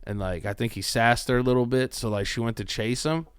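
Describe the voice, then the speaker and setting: A man's voice: medium pitch, fairly quick, smooth, no room sound, studio quality. A young man casually telling wild family stories on a podcast, loose and profane. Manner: loose, profane, lively storyteller. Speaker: podcast co-host. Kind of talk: casual storytelling chat.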